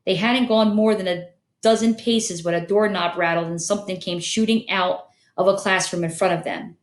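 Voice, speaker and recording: A woman narrating an audiobook in steady storytelling. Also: medium pitch, moderate pace, echoey room. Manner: steady storytelling, many character voices. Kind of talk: scripted narration.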